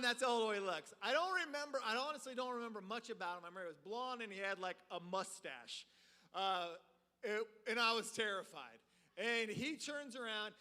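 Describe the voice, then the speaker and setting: A man preaching a storytelling sermon in a church, animated and full of filler words. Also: very high-pitched. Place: church sanctuary. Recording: reverberant hall.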